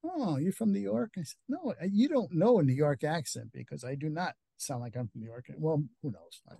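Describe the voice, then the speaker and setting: Middle-aged guy, northeast us accent, kinda high voice, rambly friendly guest chat, dry sound. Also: lively intonation, fairly quick, gravelly, mellow, husky, no echo. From Connecticut. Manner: chatty, laughs easily, many fillers. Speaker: author and guest. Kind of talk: casual interview chat.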